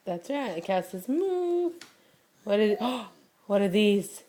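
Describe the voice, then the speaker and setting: A woman at home leans over a picture book with a toddler, asking slow, coaxing questions. She slips into playful animal sounds between her prompts. A faint hiss of noise sits under the home recording. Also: medium pitch. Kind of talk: home video, reading aloud to a small child.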